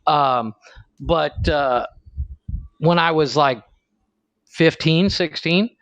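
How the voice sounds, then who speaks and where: A man's voice: fairly high pitch, very slow, a bit bright, dry recording. A middle-aged man from Ohio co-hosting a podcast, telling crude stories in casual chat and laughing often. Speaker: podcast co-host. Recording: dull lo-fi sound.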